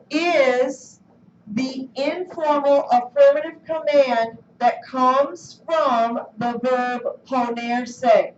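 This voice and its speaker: A high-pitched woman teaching Spanish leads a classroom lesson at an unhurried pace, quizzing students and coaxing out answers. She is recorded from a distance in an echoey classroom, and the sound is dull with a little hiss or hum.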